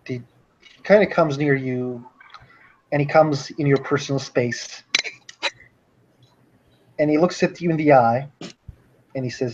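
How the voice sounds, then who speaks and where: A man's voice: mid-range voice, measured pace, pauses often, a little mellow. A man narrating as game master in a casual way, on a dull lo-fi recording. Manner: casual, with fillers. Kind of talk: narrating a tabletop role-playing game. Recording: dull lo-fi recording with faint hiss.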